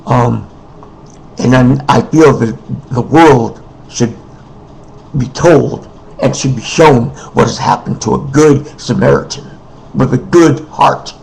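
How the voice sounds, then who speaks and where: A man speaking in an unscripted personal monologue, emotional and weary, halting, repeating himself and often clearing his throat. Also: mid-range voice, darkish tone, slight background noise, low-quality recording. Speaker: person making a personal appeal.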